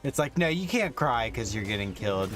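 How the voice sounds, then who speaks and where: A man's voice: mid-range voice, very animated, fairly quick, fairly bright tone, faint music behind. A man chatting casually with a friend, reacting with disbelief. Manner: reacting, incredulous. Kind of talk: casual chat.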